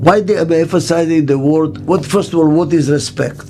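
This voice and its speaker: An older man who works as a business consultant answers interview questions to camera, with music playing behind him. His voice sits on the high side and he speaks at a moderate pace, using short, emphatic sentences and the occasional rhetorical question.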